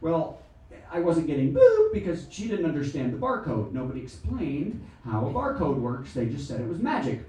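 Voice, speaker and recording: A middle-aged American comedian works a small theatre stage, his rather high voice leaping up and down as he acts things out. He sounds a little distant from the mic in a very echoey room, and audience laughter comes through behind him. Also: moderate pace. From United States. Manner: animated, exaggerated, acts out shrill voices. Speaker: stand-up comedian. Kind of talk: stand-up comedy set.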